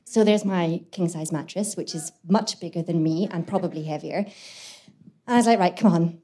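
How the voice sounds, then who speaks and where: Actress, co-host, lively comic storytelling, handheld mic, live audience. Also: female voice, fairly low pitch, normal speed. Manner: lively, swearing, laughing through the story. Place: live venue before an audience. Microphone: handheld microphone.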